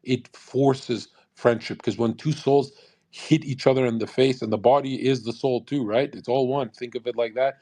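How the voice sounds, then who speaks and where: A man's voice: mid-range voice, steady tone, normal speed, warm tone. Blunt man in an intense streaming rant. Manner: intense, blunt, swears freely; acts out quoted people in changed voices. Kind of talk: live commentary rant. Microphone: USB condenser studio mic.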